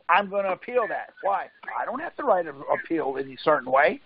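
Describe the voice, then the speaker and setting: A man's voice: high voice, animated, fairly quick, husky, muffled recording. A man on a conference call giving a casual, folksy talk and often asking "see?" to check that his listener follows.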